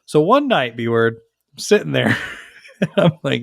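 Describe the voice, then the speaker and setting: A man's voice: mid-range voice, a little slow, gravelly, no echo, studio quality. A man co-hosting a podcast, telling stories in casual banter, swearing freely and acting out other people's lines. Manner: profane, animated, acts out others' lines. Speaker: podcast co-host.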